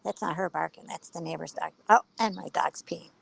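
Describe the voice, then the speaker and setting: A woman's voice: lowish voice, brisk, creaky. Chatty woman on a noisy live stream. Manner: chatty, laughs often, puts on cute voices for her dog. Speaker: livestream co-host. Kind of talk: casual chat on a live stream. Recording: noisy home stream with dogs barking behind. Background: dogs barking.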